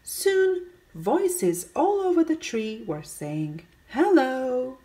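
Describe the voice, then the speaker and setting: A woman's voice: a little high, huge pitch swings, takes it slowly, mellow. A woman reading a children's picture book aloud, asking her young listeners questions and calling out the characters' greetings. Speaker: storybook reader.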